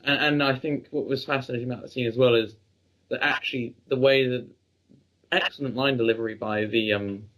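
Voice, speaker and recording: A man co-hosting a review podcast, talking in an admiring, halting casual way. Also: medium pitch, steady tone, a bit bright, slight background noise, rough recording. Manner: admiring, hesitant with restarts. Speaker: podcast co-host.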